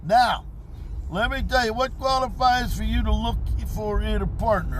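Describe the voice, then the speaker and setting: Outdoors, a livestream host in his fifties with a very high voice delivers a boastful monologue at a moderate pace, brash, swaggering and repetitive.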